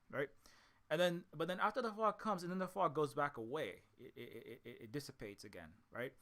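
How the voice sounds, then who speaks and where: Pitched fairly high, bright and pushed, a Hawaiian man who makes indie games addresses his audience at a brisk clip. He wanders through his thoughts, says things more than once, starts over often, and closes each point by asking "right?"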